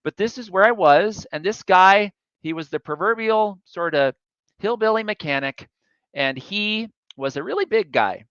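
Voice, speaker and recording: A man's voice: sits high, lively intonation, moderate pace, fairly bright tone, clean tone, no echo, lo-fi sound. A man giving a public talk, telling a chatty, self-deprecating story from his travels. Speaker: guest speaker.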